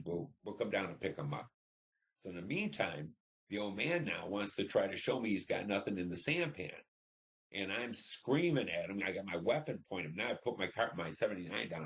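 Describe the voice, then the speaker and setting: An older man telling a personal war story in an interview, rambling with many "you know"s and acting out what people said. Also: deep voice. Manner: rambling, frequent "you know", acts out dialogue. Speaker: interviewee, veteran.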